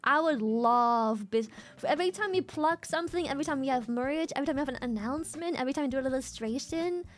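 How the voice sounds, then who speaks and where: Brief: high, lively woman streamer, giggly teasing banter, faint music behind. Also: fast talker. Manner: giggly, teasing, swears freely. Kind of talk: casual live-stream chat.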